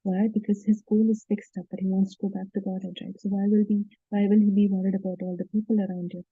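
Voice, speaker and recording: A woman's voice: medium pitch, little pitch movement, fast, slightly rough, no echo, narrow, tinny audio. A woman giving an earnest devotional talk, retelling scripture stories with many fillers and restarts. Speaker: devotional speaker.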